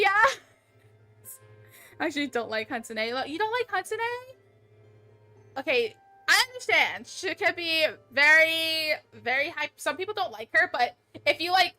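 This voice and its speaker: A woman's voice: high-pitched, sharp tone. A woman streaming games, chatting casually with a bubbly, squealing manner and lots of laughter, into a desk mic. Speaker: VTuber streamer. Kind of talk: casual live-stream chat.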